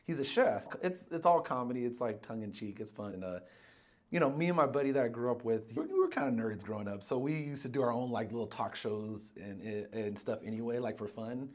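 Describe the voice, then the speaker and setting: A man guesting on a podcast, chatting casually as an insurance broker and telling animated stories with plenty of restarts. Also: mid-range voice, brisk. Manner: animated storyteller, acts out dialogue; frequent fillers and restarts. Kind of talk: casual chat.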